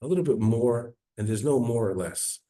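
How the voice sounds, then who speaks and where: A man, a rabbi, giving an earnest storytelling sermon in a synagogue, dropping low and soft at sad moments. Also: moderate pace.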